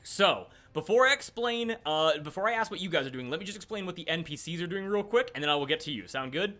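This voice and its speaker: Bright-voiced young game master man. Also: high voice, fast. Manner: many fillers and restarts, animated narration. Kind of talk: narrating a tabletop game.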